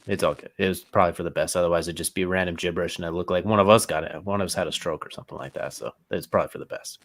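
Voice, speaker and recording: A man guesting on a sports podcast talks fast in a very deep voice. He jokes his way through the chat, and the sound is close and dry. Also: steady tone, fairly bright tone, no room sound.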